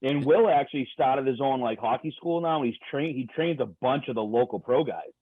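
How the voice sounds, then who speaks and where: A man's voice: mid-range voice, brisk, dry recording. A male podcast host chatting casually and eagerly, swearing and pressing his guest for stories. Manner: eager, profane, pushes for stories. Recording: dull lo-fi recording.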